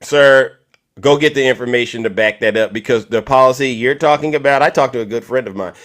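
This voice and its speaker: A man's voice: mid-range voice, fairly quick, fairly bright tone. A middle-aged man hosting a heated political argument, combative and cutting in by repeating the other person's name. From California. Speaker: live-stream debate host.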